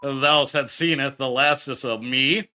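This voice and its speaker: A man's voice: medium pitch, steady tone, unhurried, bright, forceful tone, a little hiss or hum. A man voicing a pompous, scheming male minion who speaks in theatrical mock-old English with pirate flourishes. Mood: swaggering. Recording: faint game music behind.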